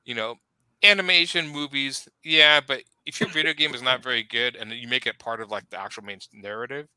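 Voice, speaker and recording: A man's voice: mid-range voice, a little fast, pushed and bright, clean tone, no room sound, poor audio. A man on a video call, a comics show panelist, talking in casual chat, rambling and trailing off.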